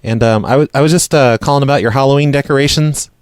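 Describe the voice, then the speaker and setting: A man's voice: mid-range voice, fast talker, a little mellow, clear, resonant tone, no echo, clean studio sound. A man hosting a radio show, making prank phone calls and talking in a mock-innocent, apologetic way. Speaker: prank call radio host.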